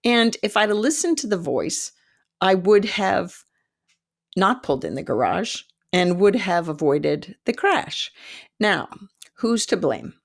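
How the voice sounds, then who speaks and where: A woman in her fifties, a psychic development teacher, telling a story in an animated, self-mocking way and laughing often. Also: medium pitch, slow pace, creaky. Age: 50s. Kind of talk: storytelling monologue.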